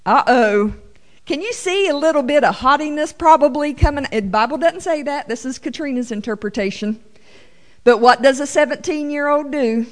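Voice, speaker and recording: A woman teaching the Bible to her congregation, reading scripture with slow emphasis and adding playful, animated asides. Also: sits high. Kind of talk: sermon-style Bible teaching.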